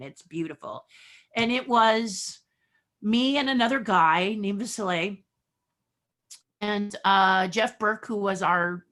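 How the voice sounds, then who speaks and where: A middle-aged woman guest telling career stories, acting out each person in a conversation. Her pitch swings widely as she plays out the dialogue. She sounds expressive and energetic throughout. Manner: animated storyteller acting out dialogue. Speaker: podcast guest. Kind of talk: storytelling interview.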